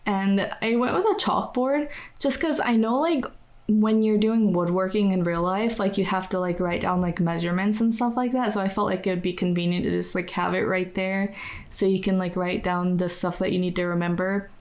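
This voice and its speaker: A woman's voice: mid-range voice, steady tone, moderate pace. A young American woman giving casual voice-over commentary on a building video, chatty and rambling, full of "like" and self-deprecating laughs. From United States. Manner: chatty, rambling, says "like" constantly, laughs at herself. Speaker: game builder narrating a speedbuild.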